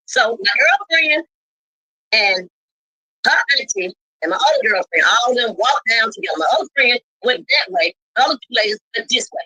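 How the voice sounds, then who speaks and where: A woman telling a heated account of a dispute, emphatic and repetitive, breaking into shouts. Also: on the high side, animated, moderate pace, breathy edge, no echo, low-quality recording. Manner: emphatic, repeats herself, bursts into shouting.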